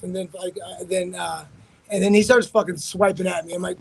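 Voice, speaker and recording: A man's voice: high voice, little pitch movement, brisk, gravelly, breathy edge, low-quality recording. A man, a fighter being interviewed, telling a story in a rambling, profane way with many restarts. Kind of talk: casual storytelling.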